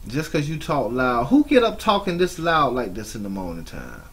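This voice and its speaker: Husky man mocking a rival streamer. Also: mid-range voice, very animated. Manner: mocking, scolding, drawn-out asides. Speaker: YouTube commentator. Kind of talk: reaction commentary on a clip.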